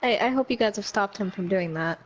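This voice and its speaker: A woman's voice: medium pitch, brisk, dull audio, crowd noise. A woman appearing as a guest on a wrestling commentary show, answering in a dry, matter-of-fact way. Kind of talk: in-character guest chat.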